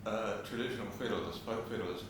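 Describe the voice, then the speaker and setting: Low-voiced male interviewer in an echoey hall. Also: brisk. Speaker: interviewer, society convenor. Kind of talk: live onstage interview. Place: hotel function hall. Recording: very echoey hall from far off, faint hum.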